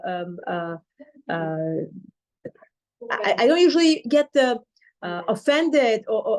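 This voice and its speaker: High-voiced woman telling a story. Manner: animated retelling, acting out quoted dialogue. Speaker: Torah class teacher. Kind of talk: storytelling Torah talk.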